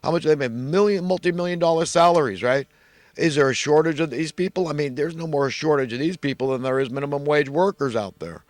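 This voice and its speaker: A man's voice: a little high, a little fast, dry recording. A man delivering an emphatic, repetitive solo rant. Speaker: vlogger.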